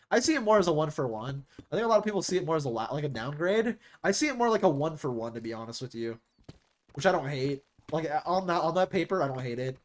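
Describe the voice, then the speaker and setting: A young man streaming, chatting casually and rambling about esports rosters, restarting his sentences often. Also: on the high side.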